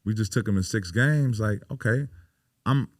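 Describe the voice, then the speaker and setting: Deep-voiced man telling stories emphatically. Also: normal speed, no room sound, studio quality. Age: 30s. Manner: emphatic, profane, heavy on "you know" fillers. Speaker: podcast guest, pro basketball player. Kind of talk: casual interview storytelling.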